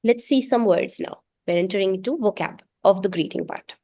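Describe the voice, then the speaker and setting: A patient woman teaching an online French class, her voice at an ordinary middle pitch. She spells out sounds slowly and has students repeat them after her. The recording is dry and close, with no room sound. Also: warm tone, no room sound. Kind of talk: online language lesson.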